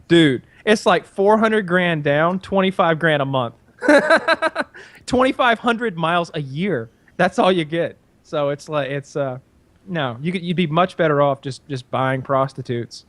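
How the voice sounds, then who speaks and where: A man with a slightly high voice tells a rambling story on a podcast, full of fillers and restarts. His voice is recorded close and dry. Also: lively intonation, moderate pace, fairly bright tone, no room sound. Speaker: podcast co-host. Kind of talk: casual podcast chat.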